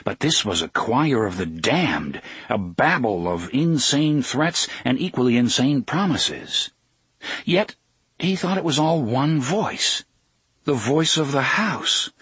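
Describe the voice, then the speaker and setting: A man narrates a story with a very husky, breathy voice, measured and unhurried, easing off the pace at tense moments. The sound is close and dry, with no room around it. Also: mid-range voice, a bit bright, no echo. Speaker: audiobook narrator. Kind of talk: scripted narration.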